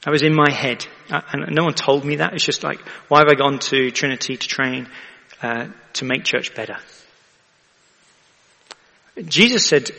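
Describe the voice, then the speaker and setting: A man's voice: mid-range voice, fairly even intonation, moderate pace, creaky, long pauses, bright, forceful tone, in a large hall. A man, a vicar preaching in a chatty way and often asking the congregation to agree. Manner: chatty, asks the audience for agreement. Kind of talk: sermon.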